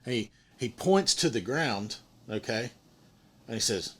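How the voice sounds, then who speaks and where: This podcast host is a middle-aged man with a lowish voice at normal speed. Chatting casually, he tells a story with animation, voicing each character's quotes himself.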